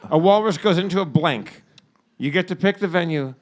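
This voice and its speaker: A man's voice: high-pitched, a little fast. A man on a comedy podcast, casually prompting a joke, laughing and repeating its opening line. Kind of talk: casual chat.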